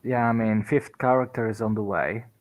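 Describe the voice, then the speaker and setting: A man's voice: on the low side, moderate pace. A man chatting easily as a player in a tabletop game. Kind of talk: casual chat.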